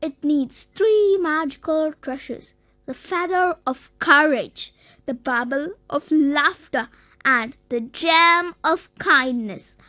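A storyteller voicing a wise alien queen who speaks slowly and calmly. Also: high-pitched, no room sound, heavily acted. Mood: reassuring.

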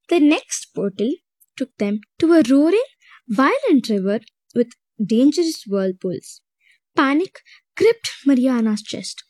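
A woman narrating a children's storybook in an expressive storytelling manner. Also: high-pitched, measured pace, no echo.

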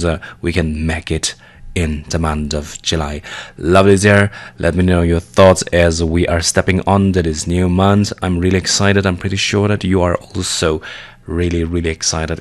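A man's voice: deep voice, fairly even intonation, normal speed. A man hosting a morning radio show from a studio, speaking in an upbeat, chatty way and often saying "you know". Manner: upbeat, chatty, calls listeners "lovelies", many "you know" fillers. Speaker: radio host. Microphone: studio microphone.

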